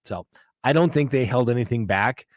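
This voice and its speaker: Man, host, live crime commentary, emphatic, ranting, mid pitch, dry close sound. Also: normal speed, dry recording. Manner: emphatic, ranting, with mocking quoted voices.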